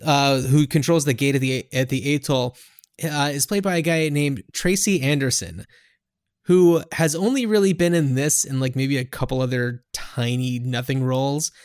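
A man's voice: mid-range voice, normal speed, a little mellow, clean tone, no echo. Casual male podcast host, rambling, dry close-miked sound. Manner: rambling, filler-heavy. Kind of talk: casual chat.

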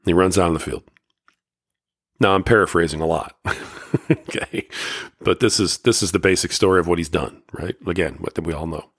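Deep-voiced man talking casually. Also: moderate pace, long pauses, husky, no echo, studio quality. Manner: loose, conversational, heavy on fillers. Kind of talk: casual talk retelling a Bible story.

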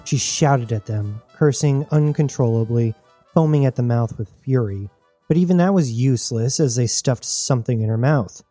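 A man narrating an audiobook in measured, deliberate phrases with pauses. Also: medium pitch, dark tone, no room sound, faint music behind.

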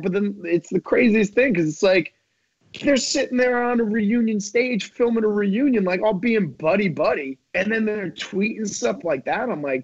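A man's voice: high voice, normal speed, no room sound, muffled recording. A man as a podcast guest in casual chat, telling stories in a rambling way full of "like" and "you know". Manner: rambling, fillers like "like" and "you know", animated storytelling.

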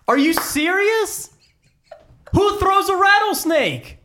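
A man co-hosting a casual film podcast, bantering with animated, mock-indignant reactions. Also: high voice, a little fast, noisy background. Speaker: podcast co-host.

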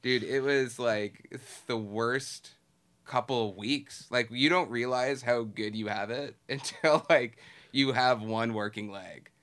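A man's voice: medium pitch, slow. A man in his thirties co-hosting a podcast, telling a story casually with lots of "like". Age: 30s. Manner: relaxed, filler-heavy, laughs through stories. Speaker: podcast co-host.

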